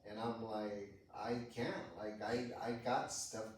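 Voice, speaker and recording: A man's voice: fairly low pitch, a little slow, slight background noise. A man casually telling a personal story on a podcast, swearing a lot and acting out the dialogue. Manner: profane, animated retelling with quoted dialogue. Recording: echoey room, distant mic.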